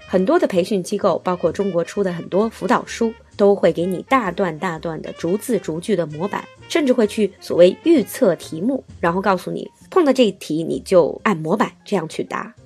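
A woman's voice: mid-range voice, darkish tone, breathy edge. A woman hosting, recapping and explaining points for listeners in a talk show style. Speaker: host. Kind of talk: bilingual radio talk.

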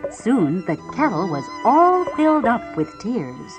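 Slow, animated woman reading a children's story. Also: medium pitch. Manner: slow, expressive read-aloud storytelling. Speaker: storybook reader. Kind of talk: reading a children's picture book aloud. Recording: violin music playing underneath.

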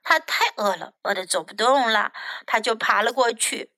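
Woman, native Mandarin speaker, English teacher, children's story reading, high bright voice, dry close sound. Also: no room sound. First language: Mandarin Chinese. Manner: slow, expressive read-aloud, sentence by sentence.

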